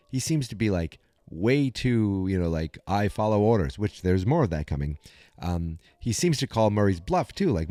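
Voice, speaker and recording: A man hosting a podcast, recapping an episode in a chatty, animated storytelling way. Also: on the low side, no echo. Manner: chatty, animated storytelling with many fillers and restarts. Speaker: podcast host.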